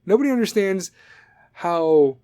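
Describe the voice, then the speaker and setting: A man's voice: sits high, lively intonation, measured pace, mellow, clear, resonant tone, dry recording. Man in his 40s, podcast host, foul-mouthed sarcastic ranting, raised voice, dry close mic. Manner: profane, rambling, sarcastic. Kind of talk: solo comedic podcast rant.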